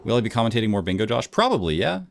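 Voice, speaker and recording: A man's voice: fairly low pitch, very animated, racing, creaky, slight background noise. A man with a Texan accent, chatting casually with viewers while streaming a game, laid-back and talkative. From Texas. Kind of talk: casual chat while gaming and reading chat.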